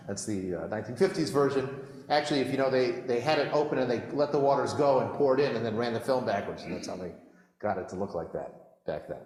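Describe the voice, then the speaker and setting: A man's voice: mid-range voice, quick pace, darkish tone. A man speaking to a congregation, retelling scripture with wry, sarcastic asides. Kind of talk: sermon-style scripture talk. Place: congregation hall. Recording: echoey hall reverb.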